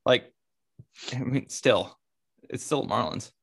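A man co-hosting a casual sports talk show, speaking in a relaxed, hesitant way with many fillers. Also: mid-range voice, slow, vocal fry, dry recording, studio quality. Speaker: podcast co-host.

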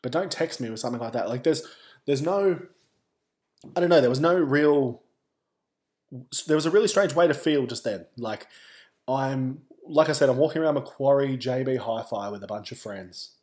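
A man's voice: mid-range voice, animated, normal speed, a little mellow. A man with an Australian accent, a podcast host telling a personal story in a candid, wry way with wandering asides.

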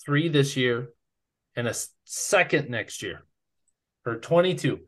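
A man's voice: medium pitch, lively intonation, a little slow. A young man co-hosting a sports podcast, announcing draft picks in a playful announcer tone. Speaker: podcast co-host.

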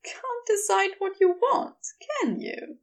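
A woman playing a prim angel guy, high and soft, teasing and fond. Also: huge pitch swings, slow pace, vocal fry, heavily acted. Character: fussy gentle male angel, fond and teasing.

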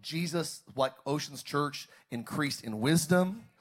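A man preaching a sermon as pastor, calling out to the congregation and rising to shouts. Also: on the high side, slow, husky. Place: church service, streamed online.

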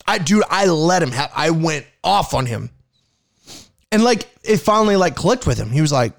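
A man telling a casual story in a lively, animated way, cursing freely and acting out every exchange. His voice sits high and leaps around a lot. The recording is dry and close. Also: fairly quick, vocal fry, no echo. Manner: animated, profane, acts out dialogue. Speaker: rideshare driver.

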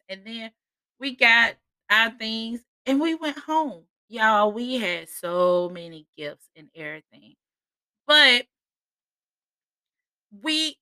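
Slow, bright-voiced woman podcaster. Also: mid-range voice, dry recording. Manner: chatty, laughs often, addresses listeners as y'all. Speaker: podcast host. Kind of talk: casual personal podcast monologue.

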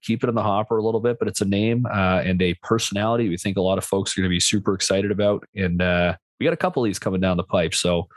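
Fast-talking laid-back man host. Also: fairly low pitch, no room sound, studio quality. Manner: laid-back storyteller, lots of fillers. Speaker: podcast host. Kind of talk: casual chat.

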